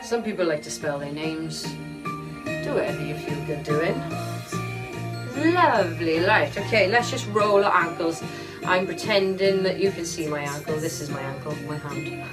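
Woman choir leader leading a warm-up, encouraging and upbeat; recorded from a distance over music. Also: lowish voice. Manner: encouraging, upbeat instructions with counting. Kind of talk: guided vocal warm-up. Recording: distant mic with music behind.

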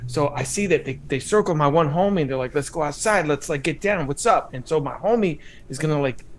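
A man's voice: fairly high pitch, brisk, slight background noise, natural voice. A man voicing a tough old-school male gangster from Los Angeles, speaking with a Chicano English accent in a swaggering, streetwise way. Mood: casual.

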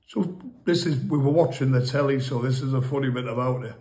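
Recorded in an echoey room, this storyteller guest has a mid-range, darkish voice and a brisk delivery. He casually spins rambling, comic tales about his past, with laughter and swearing throughout.

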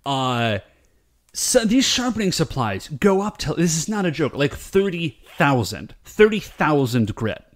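A man co-hosting a podcast in casual chat, animated and rambling, full of fillers. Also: on the high side, a little slow. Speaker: podcast co-host.

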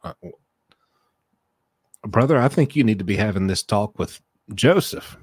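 A man giving sarcastic reaction commentary on a recorded phone call, mumbling low, then bursting out in exasperation. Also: lively intonation, moderate pace, darkish tone, husky, no room sound, studio quality. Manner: sarcastic, mocking, swings between mumbling and exasperated outbursts.

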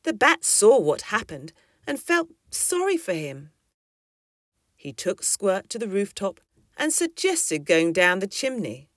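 Woman reading a children's story with lively expression. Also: medium pitch, slow, no echo, studio quality. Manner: expressive and lilting.

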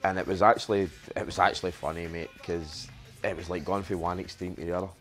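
A man's voice: low-pitched, steady tone, quick pace, fairly bright tone, faint music behind. A Glaswegian man in an interview, frank and storytelling. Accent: Glaswegian Scottish. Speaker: rapper.

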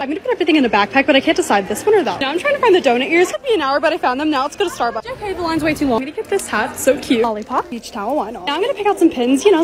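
A young woman talks through her vlog in a brisk, high voice that jumps all over the place. She gushes over every cute thing she shows. Her narration is bubbly and excited from start to finish. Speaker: content creator.

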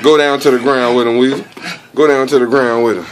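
A man outdoors filming on a phone, whooping, laughing and shouting encouragement, with a noisy recording. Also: medium pitch, fairly even intonation, fairly quick. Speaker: bystander filming and cheering. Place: outdoors in a garden.

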